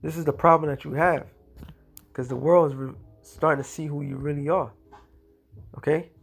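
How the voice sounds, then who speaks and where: A man giving a combative religious commentary, speaking in casual slang and slowing into a measured cadence when he reads scripture aloud. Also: a little high, fairly even intonation, gravelly, breathy edge, faint music behind. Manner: casual slangy speech, repeats "all right" and "okay".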